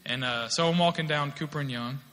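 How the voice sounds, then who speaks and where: A man's voice: fairly high pitch, fairly quick, bright, forceful tone. A man in his thirties preaching a sermon, telling a personal testimony in a conversational way that builds to emphatic exhortation. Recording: long hall reverb.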